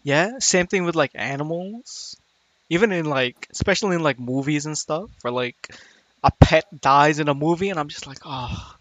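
A man chatting casually on a podcast, excitable and laughing, with lots of swearing and "like". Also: on the high side, normal speed, a little hiss or hum. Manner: excitable, swears, laughs a lot, says "like" often. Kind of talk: casual chat.

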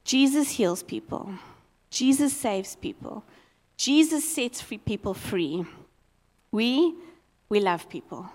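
Lively woman preaching. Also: fairly high pitch, slow, pauses often, big-room sound. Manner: lively storytelling, expressive. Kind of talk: sermon.

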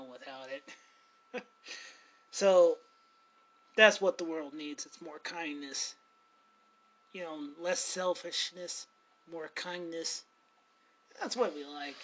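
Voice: mid-range voice, fairly bright tone. A podcast host chatting casually at home, rambling, laughing often and swearing now and then. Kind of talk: casual chat. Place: at home with cats.

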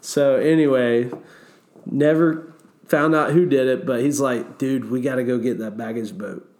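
A man's voice: medium pitch, unhurried. Man telling a wild river story. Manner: animated, swears, acts out quotes. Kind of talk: casual storytelling.

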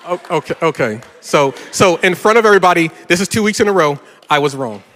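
A middle-aged man, a pastor, preaching a sermon and telling a story with lively, rising energy. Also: fast talker, some chatter behind. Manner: animated, gets louder and higher telling a story. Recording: reverberant hall.

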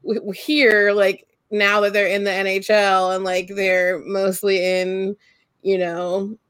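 A woman's voice: medium pitch, flat delivery, takes it slowly, a bit bright, clean tone, no echo. Fields: Sex: woman. Origin: Central Ohio. Role: podcast co-host. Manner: rambling, giggly, dry sound. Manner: rambling, giggly asides, many fillers. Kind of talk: casual chat.

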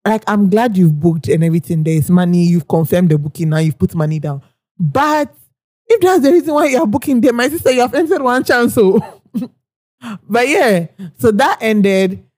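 A young woman, co-hosting a podcast and telling an anecdote in casual chat, animated and quick to laugh as she acts out what people said. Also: mid-range voice, no echo. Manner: animated, laughing often, acting out quoted people. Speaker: podcast co-host.

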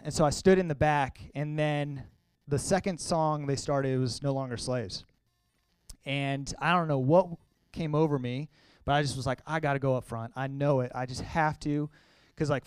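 Young male speaker for an emotional church testimony: casual and earnest, with a smooth, clear voice. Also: mid-range voice, no echo. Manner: earnest, conversational, halting with emotion. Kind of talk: personal testimony to a congregation.

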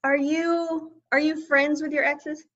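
Woman co-host, fairly high lively voice, wry jokes, slightly dull sound. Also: slow. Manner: wry, joking. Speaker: podcast co-host. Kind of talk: casual chat.

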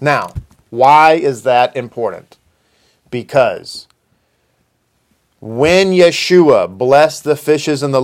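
A man teaching from scripture, reading quoted passages aloud and explaining them at an unhurried pace. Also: mid-range voice. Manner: unhurried, reads quotes aloud then explains, with some restarts. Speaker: Bible teacher.

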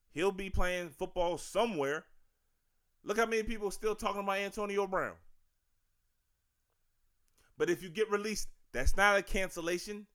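Here a podcast host from D.C. delivers casual sports and culture commentary as a slangy, cursing, emphatic rant. He has a high, slightly bright voice.

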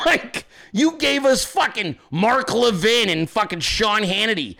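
Profane, sharp-voiced ranting man. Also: sits high, animated, measured pace, gravelly. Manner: profane, combative, mocking. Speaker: podcast host. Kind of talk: ranting political commentary. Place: home office at a desk.

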